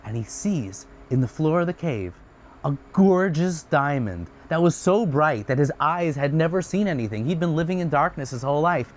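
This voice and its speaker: A man retelling a religious story in a casual, chatty way, swinging between excited and hushed. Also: a little high, normal speed, slight background noise. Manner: animated, swings from loud excited to hushed soft; chatty asides.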